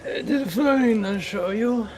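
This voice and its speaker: Man doing a high-voiced, gravelly elderly priest, solemn; crowd chatter in the back. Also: slow. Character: solemn old male village priest.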